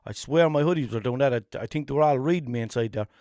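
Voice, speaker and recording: A man's voice: medium pitch, fast talker, darkish tone, dry recording, studio quality. A man with a Limerick Irish accent hosting a solo comedy podcast, rambling and self-mocking, swearing casually. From Ireland. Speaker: podcast host.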